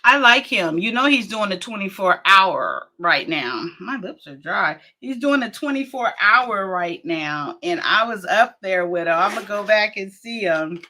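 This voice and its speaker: A woman's voice: medium pitch, unhurried, few pauses. A middle-aged woman, hosting a live stream in casual, exclamatory chat. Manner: lively, exclaims and laughs often.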